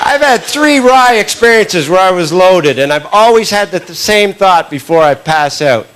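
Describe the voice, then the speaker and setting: A man from Canada doing a stand-up comedy set, telling stories and acting out the people in them with quick quoted lines. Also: high-pitched, expressive. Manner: storytelling, acts out characters in quick quotes. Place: comedy club stage with audience laughter. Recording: live club recording with background noise.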